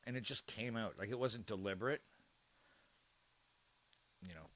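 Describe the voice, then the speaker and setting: Canadian guy, casual livestream reactor, a bit low-pitched, chats candidly and thinks out loud. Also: moderate pace, dry recording. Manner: chatty and candid, thinking aloud. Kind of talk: casual live reaction chat.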